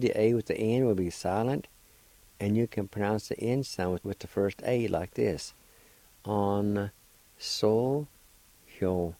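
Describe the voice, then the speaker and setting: A man hosting a radio language lesson, spelling out words letter by letter and repeating each pronunciation slowly and deliberately. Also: on the low side, warm tone, no echo, poor audio. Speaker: radio host teaching vocabulary.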